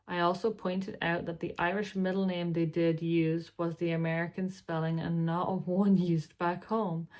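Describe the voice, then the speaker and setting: A tired woman hosting a reaction video, reading posts aloud and breaking in with chatty asides and sighs. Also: lowish voice. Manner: chatty, sighing, breaks off to talk to her pet.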